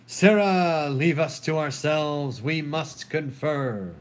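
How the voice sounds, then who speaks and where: Man reads scheming duke, sly and mocking, highish. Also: takes it slowly. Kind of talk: solo dramatic reading of a play.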